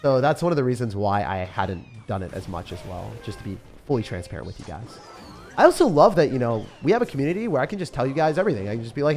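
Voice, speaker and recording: A man's voice: mid-range voice, big pitch swings, quick pace, darkish tone, faint music behind. A young man chatting casually on a livestream, commenting on his game and answering questions from chat in a self-deprecating way. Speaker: streamer.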